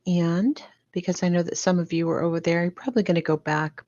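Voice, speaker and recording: A woman's voice: fairly low pitch, quick pace, dark tone, dry recording. An older woman hosting a livestream, greeting viewers one by one and calling them sweetheart and baby. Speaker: livestream host. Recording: dull lo-fi sound.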